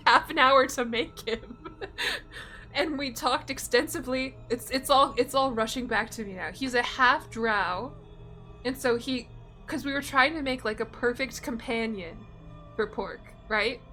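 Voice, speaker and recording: A woman's voice: high voice, unhurried, bright, forceful tone, faint music behind. A young woman streamer chatting casually while she plays, giggly and self-deprecating. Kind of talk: casual gameplay commentary.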